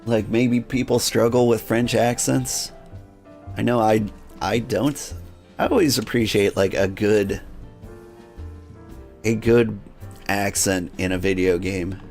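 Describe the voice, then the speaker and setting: A man's voice: on the low side, fairly even intonation, slow pace, pauses often, a little mellow, faint music behind. A man giving casual, rambling game commentary as a streamer. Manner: rambling, with fillers and restarts.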